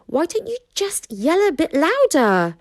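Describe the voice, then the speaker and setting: A woman performs a full character voice as a glum young Viking boy, pitched above her own natural voice into a very high register. Her delivery is measured, with huge swings in pitch, and the sound is clean studio audio with no room sound.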